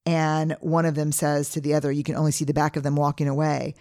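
A woman's voice: low voice, level tone, quick pace, hardly any pauses, a little mellow. A middle-aged woman hosting her own podcast, talking earnestly and acting out the voices she quotes. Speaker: podcast host. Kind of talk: reflective solo podcast talk.

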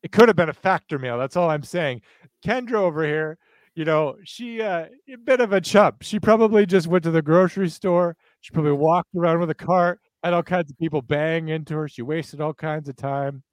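A podcast co-host does goofy, exaggerated ad reads, hamming up the sales pitch in a loose, jokey way. His voice sits on the high side and moves a little fast, with no room sound.

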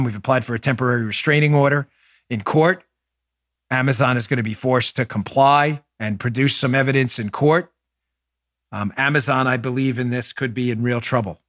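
A man's voice: medium pitch, fairly bright tone, dry recording, clean studio sound. A man hosting a political opinion podcast, talking earnestly and with emphasis, straight to his listeners and sometimes aside to a partner in the room. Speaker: podcast host.

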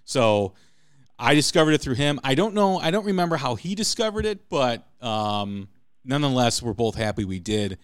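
Guy hosting a music podcast, smooth clear voice, chatty, dry room. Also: medium pitch, normal speed, dry recording. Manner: chatty, animated storyteller. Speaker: podcast host. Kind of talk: casual interview chat.

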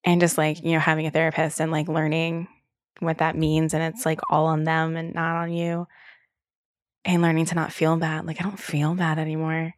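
A woman's voice: low voice, completely flat delivery, normal speed, no echo, clean studio sound. A young adult woman hosting a solo podcast, talking candidly and casually with lots of fillers and the odd swear word. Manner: candid, chatty, swears freely, many fillers. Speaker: podcast host.

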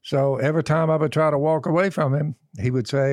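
A man's voice: a little high, fairly even intonation, a little fast, a little mellow, no room sound, studio quality. A man telling folksy stories on a podcast, acting out both sides of each conversation. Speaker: podcast co-host. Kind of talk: casual storytelling.

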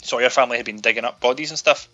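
A Scottish man rants and jokes his way through a casual film-review chat, swearing freely. His voice sounds bright and forceful. The recording is slightly dull and lo-fi, with faint music underneath. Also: medium pitch, racing. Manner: sweary, ranting, animated. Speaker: podcast co-host.

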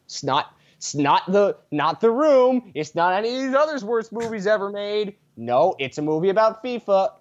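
A man's voice: high-pitched, sing-song, normal speed, few pauses. A man chatting as a podcast guest, rambling through tangents with a sarcastic sense of humor. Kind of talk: casual podcast chat. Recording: dull lo-fi sound.

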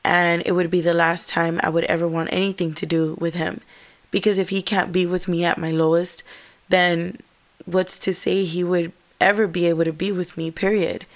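A young woman telling a personal story in an earnest, halting way, with fillers and restarts. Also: on the low side, little pitch movement.

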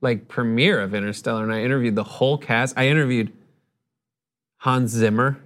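A man's voice: mid-range voice, a little fast. Man telling stories with put-on voices. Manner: animated storyteller, acts out quotes in voices. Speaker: podcast co-host. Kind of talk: casual panel chat.

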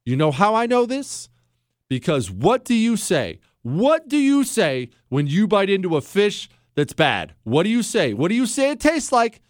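A man's voice: high-pitched, big pitch swings, normal speed, dry recording, studio quality. Emphatic, combative male talk show host. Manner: emphatic, combative, teasing and repetitive. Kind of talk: opinionated monologue.

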